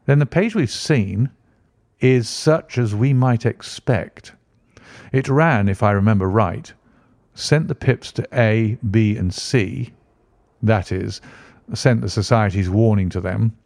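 A keen Victorian detective who talks in precise, measured turns, his voice lifted a touch above the reader's own low tone, as a man puts him on. The read is dry and close, with no room around it. He comes across as a sharp mind working through a case aloud. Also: creaky, dry recording. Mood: explaining. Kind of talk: audiobook character reading.

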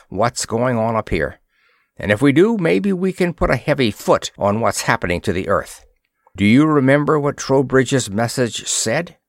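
A man's voice: mid-range voice, no room sound, clean studio sound. A stern space fleet commander, read by a man. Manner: clipped, decisive orders.

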